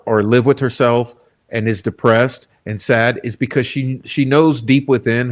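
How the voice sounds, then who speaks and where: Male true crime commentator, mid pitch, combative and blunt. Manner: blunt, combative, frequent "okay?" asides. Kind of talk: casual commentary reading quotes.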